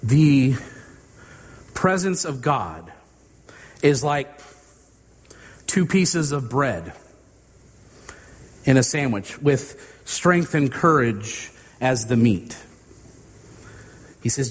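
A man preaching a sermon, slow and deliberate, with dramatic pauses between phrases. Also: medium pitch, animated, slightly rough, in a large hall.

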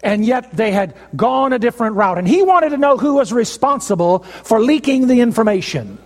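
A man preaches a sermon in a high voice, retelling a story with emphatic stresses and dramatic pauses. His words carry a long reverb, as in a large hall. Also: animated.

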